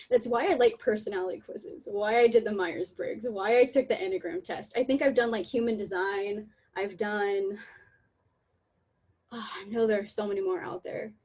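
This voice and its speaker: A young woman giving a candid, emotional online talk over a video call, laughing often and apologizing in quick asides. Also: medium pitch, steady tone, darkish tone, husky, poor audio. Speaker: talk presenter.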